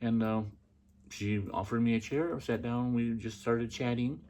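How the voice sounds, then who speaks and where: A man's voice: medium pitch, fairly even intonation, a little mellow. Middle-aged man telling a personal story. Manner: chatty and halting, with many fillers and restarts. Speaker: podcast host.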